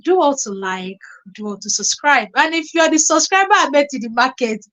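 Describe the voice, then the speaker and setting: Nigerian woman, young, high-pitched, casual vlog host with lively storytelling. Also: moderate pace, poor audio. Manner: animated, laughing storyteller with pidgin exclamations. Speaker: YouTube reaction channel host. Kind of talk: casual live-stream vlog talk.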